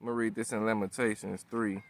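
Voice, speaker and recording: A man's voice: fairly low pitch, little pitch movement, fast talker. A man in his thirties giving a loose, casual sermon in a slangy, profane way, constantly asking "all right?" and "you know what I'm saying?". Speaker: preacher. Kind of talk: casual street-style sermon.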